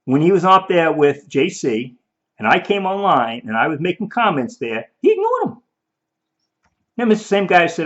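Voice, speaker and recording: A man's voice: on the high side, huge pitch swings, moderate pace, a bit bright. A man giving rambling, emphatic video commentary, often repeating himself and mock-quoting the people he argues against. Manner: emphatic, repeats and restarts, mock-quotes opponents. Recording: dull lo-fi audio.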